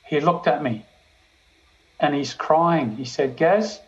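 An older man, a police chaplain giving a storytelling sermon testimony that slows down for emphasis. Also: on the high side, highs cut off. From Australia.

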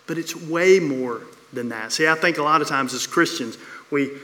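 Pastor preaching with bright hall reverb. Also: male voice, fairly high pitch. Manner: storytelling with repeated phrases, dramatic pauses. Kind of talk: sermon. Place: church sanctuary. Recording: long reverb of a church hall.

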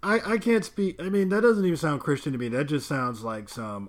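A man's voice: on the high side, fairly quick, hardly any pauses. A man co-hosting a comedy podcast, making blunt, sarcastic remarks. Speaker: podcast co-host. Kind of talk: casual comedic podcast chat.

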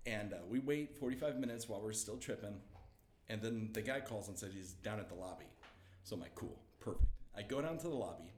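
A young man telling a story as a guest, lively and laughing, acting out the quotes. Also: on the low side, fast, echoey room, background noise. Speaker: comedian guest. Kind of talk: animated storytelling.

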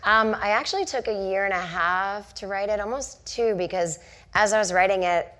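A woman's voice: mid-range voice, fairly quick, a bit bright. A woman in her forties, a comedian and author, telling rambling self-mocking stories in an onstage conversation before a live audience. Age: 40s. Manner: chatty storytelling full of "like" and self-mocking asides.

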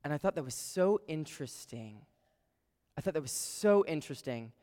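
A man giving a preaching talk to students as a campus ministry speaker, telling stories with sudden swings between hushed and loud. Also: on the high side, expressive, normal speed. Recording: long reverb of a large hall.

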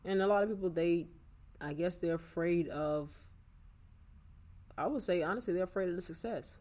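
A man's voice: high voice, normal speed, darkish tone. Earnest man in casual talk. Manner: earnest, reflective, motivational. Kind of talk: casual conversation.

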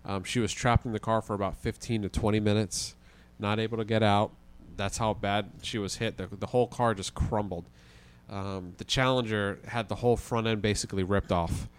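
A man with a somewhat low voice speaks as a podcast guest. He tells his story casually and vividly, dropping the occasional swear word. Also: steady tone, moderate pace, smooth.

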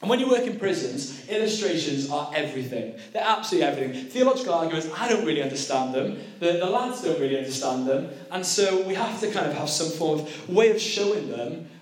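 A man preaches in a church, his voice sitting a little high for a man. He tells his story earnestly and leans on repeated phrases, and the room rings around him with plenty of echo. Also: animated, quick pace. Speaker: preacher and prison youth worker. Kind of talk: sermon.

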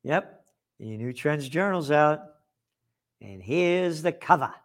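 An older man hosts his own commentary show and rants at length, sarcastic and swearing freely. His voice sits a bit higher than most men's, and he mocks what he attacks. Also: animated, slow pace. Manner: angry, sarcastic and profane. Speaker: host of a trends commentary show. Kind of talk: ranting commentary.

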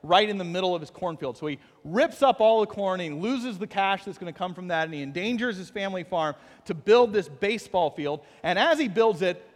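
A man's voice: high voice, a little fast, few pauses, long reverb tail. A middle-aged man preaching a sermon, telling a movie story with self-deprecating humor and building to fervent intensity. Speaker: pastor.

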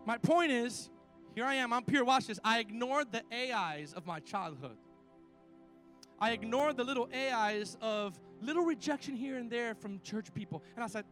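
A middle-aged male pastor preaching a sermon, telling stories with lively call-and-response to his congregation. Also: very high-pitched, moderate pace, faint music behind. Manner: animated storytelling with call-and-response.

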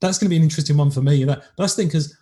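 A man's voice: on the high side, racing, warm tone. Chatty English man co-hosting a podcast. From England. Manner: chatty, rambling, with frequent restarts. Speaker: podcast co-host. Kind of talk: casual chat.

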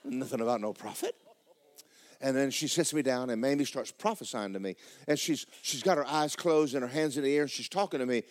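A middle-aged male pastor, preaching a sermon in a folksy storytelling way that climbs into shouts. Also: mid-range voice, fairly quick.

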